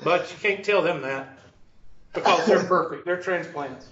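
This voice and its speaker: A man's voice: high-pitched, a little slow, a bit bright. A man from upstate South Carolina with a Southern accent, teaching fractions in a folksy, teasing way and tossing joking asides at his audience. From Upstate South Carolina, USA. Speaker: math teacher. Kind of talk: informal math lesson with banter. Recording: echoey room, from a distance, dull lo-fi, faint noise.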